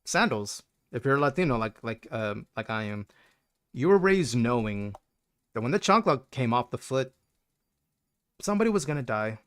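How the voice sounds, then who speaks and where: A man's voice: mid-range voice, big pitch swings, moderate pace, fairly bright tone. A man livestreaming a game, chatting playfully with his viewers and greeting them by name. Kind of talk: casual gameplay chat with viewers.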